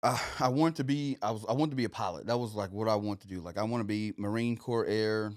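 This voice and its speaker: A man's voice: on the low side, fast talker, dry recording, studio quality. A young man, a podcast guest telling his story loosely, with lots of "like" and "you know". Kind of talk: casual storytelling.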